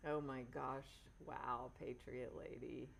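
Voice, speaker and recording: A woman hosts a live session in a relaxed, chatty way, reading out and answering her viewers' comments. Her voice sits very low, with a gravelly fry running through it, and she takes her time over each phrase. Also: slow, a little hiss or hum. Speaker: Reiki healer hosting a live session. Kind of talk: casual live-stream chat with viewers.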